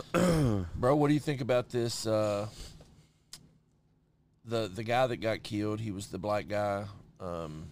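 A man's voice: lowish voice, slow, pauses often, darkish tone, slight background noise. A young man chatting casually on a podcast, swearing freely and saying "bro" often. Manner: swears a lot, says "bro" and "you know what I'm saying". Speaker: podcast host. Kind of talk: casual chat.

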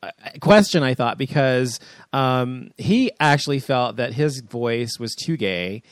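A man's voice: mid-range voice, animated, measured pace, clear, resonant tone, dry recording. A man hosting a casual group discussion, rambling with many fillers as he steers the conversation. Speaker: podcast host.

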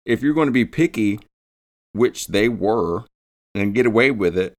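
A man's voice: lowish voice, lively intonation, moderate pace. A man hosting a podcast, telling a true-crime story in a casual, profane way. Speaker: podcast host.

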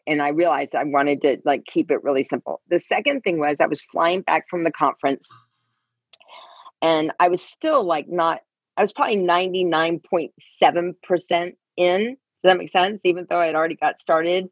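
Low husky woman telling a story. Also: normal speed, dry recording, dull audio. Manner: animated, acts out quoted voices. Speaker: guest. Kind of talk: casual interview storytelling. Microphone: earbud.

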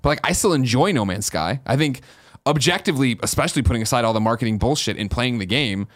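A man co-hosting a podcast in casual chat, animated and swearing freely. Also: mid-range voice, fast, no room sound, clean studio sound. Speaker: podcast co-host.

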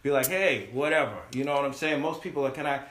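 A man's voice: on the high side, fast talker, a little hiss or hum. A man telling a story in a casual chat, acting out the voices of the people in it and swearing freely. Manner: animated, acts out voices in quotes, swears freely. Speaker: podcast guest telling a story. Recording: echoey room.

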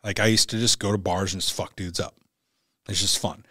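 Blunt low-voiced man telling a story. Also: steady tone, fairly quick, bright, forceful tone, no echo, studio quality. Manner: blunt and profane, acts out quoted dialogue. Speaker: podcast guest, former Navy SEAL. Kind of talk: candid personal storytelling.

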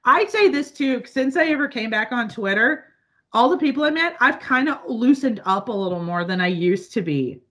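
A woman from the northern US, chatting casually as a podcast co-host, loud, laughing often and swearing freely. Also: on the high side, lively intonation, normal speed. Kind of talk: casual chat.

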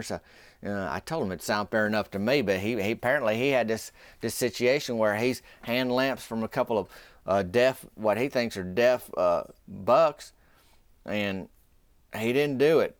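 This man has a lowish voice and talks at a normal speed as he hosts a podcast. His story is casual, folksy and rambling, with occasional whispers, and the recording is dry and of studio quality.

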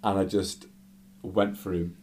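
Low-voiced man, animated casual storyteller. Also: a little slow. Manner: animated, full of "like" fillers.

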